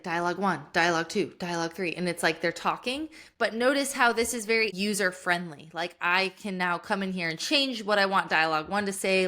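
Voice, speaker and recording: A young woman teacher walks through a software tutorial in an upbeat, enthusiastic way. Her voice is bright and forward. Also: mid-range voice. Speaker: teacher and tech tutorial host. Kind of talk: screen-recorded software tutorial.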